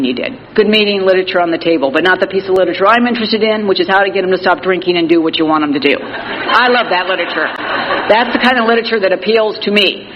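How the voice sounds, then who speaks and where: A middle-aged woman speaks frankly at a recovery meeting, peppering her story with "you know" and dry jokes at her own expense. Her voice rings out in a reverberant hall. The recording is a little muffled, with faint hiss underneath. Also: lowish voice. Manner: candid, plain-spoken, wry self-mocking humor; frequent "you know" fillers. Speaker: Al-Anon speaker. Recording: reverberant hall, slightly dull audio with faint noise.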